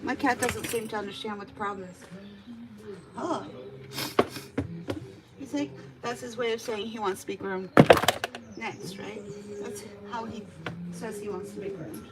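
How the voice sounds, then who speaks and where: A woman's voice: medium pitch, measured pace, long pauses. A woman cat groomer chatting casually and talking to the cat as she works in a grooming salon. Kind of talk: casual chat while grooming. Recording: distant mic with steady background noise.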